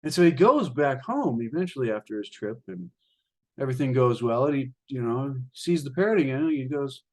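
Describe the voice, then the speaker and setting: A man reading from a spiritual book and retelling a fable in a casual, rambling way, addressing listeners as ladies and gentlemen. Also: medium pitch, expressive, a little fast. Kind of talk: reading aloud with spoken commentary.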